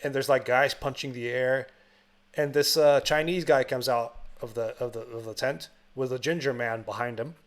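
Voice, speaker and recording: A man's voice: mid-range voice, steady tone, moderate pace. A podcast co-host from Bulgaria, talking in easygoing casual chat. He rambles and restarts his sentences, uses plenty of fillers, and laughs along as he recaps the plot.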